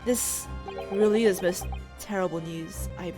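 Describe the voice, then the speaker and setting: A woman doing a soft, formal young lady. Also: on the low side, measured pace, music in the background, voice pushed down, lightly acted. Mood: sorrowful. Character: proper, polite young woman assistant.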